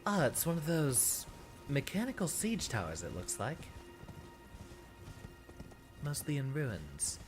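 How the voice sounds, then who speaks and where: A man from Texas streaming a video game in a put-on teacher persona voice, thinking aloud in relaxed, chatty commentary. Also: fairly high pitch, slow, long pauses. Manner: performs a put-on teacher persona voice rather than his real one. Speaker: VTuber streamer. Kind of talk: casual gameplay commentary. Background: game music.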